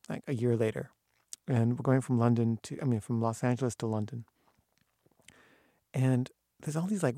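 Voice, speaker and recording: Halting male storyteller, dry sound. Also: mid-range voice, warm tone, no echo. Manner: halting, with many fillers and restarts. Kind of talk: personal anecdote told to camera.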